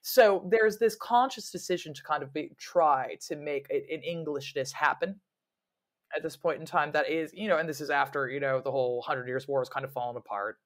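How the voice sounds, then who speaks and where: A woman historian talking as a guest in a casual interview, animated and digressive, breaking into quick laughs and playful mock quotes. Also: low voice. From lives in London.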